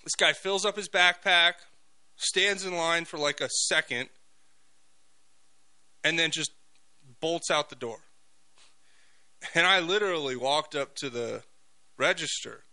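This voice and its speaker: A man hosting a talk radio show, telling stories in an animated monologue full of fillers and restarts. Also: fairly high pitch, clear, resonant tone, rough recording.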